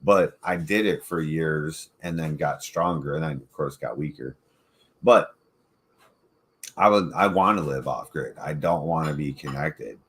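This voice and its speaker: A man's voice: rumbling low, unhurried, fairly bright tone, husky. A man hosting a casual chat, rambling, swearing freely and laughing often. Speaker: podcast host.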